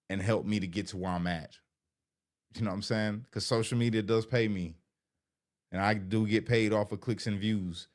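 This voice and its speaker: A middle-aged man, a vlogger, talking in an earnest, emotional, rambling way to his viewers, often saying "you know". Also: fairly low pitch. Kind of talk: heartfelt casual talk to viewers.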